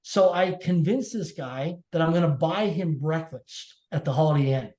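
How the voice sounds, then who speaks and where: A man's voice: a little high, moderate pace, mellow. A man telling a personal story as a podcast guest, emphatic and repeating his key phrases. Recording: echoey room.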